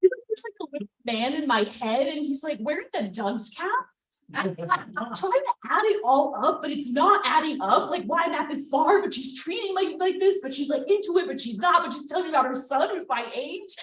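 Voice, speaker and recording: A woman's voice: sits high, expressive, brisk, fairly bright tone. A woman telling a self-mocking personal story at a live storytelling night, casual and full of fillers. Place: event space with audience. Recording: roomy sound from far off the mic.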